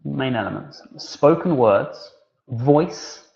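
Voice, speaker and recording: This man, running a teacher-training webinar, has a middle-pitched voice with vocal fry, heard through slightly dull audio. He talks casually and relaxedly, with many fillers and sentence restarts.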